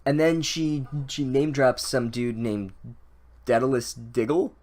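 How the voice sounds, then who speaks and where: A man's voice: medium pitch, slow pace, a little mellow. A man giving a rambling, sarcastic, profane comedic recap of a book, full of "like" and restarts.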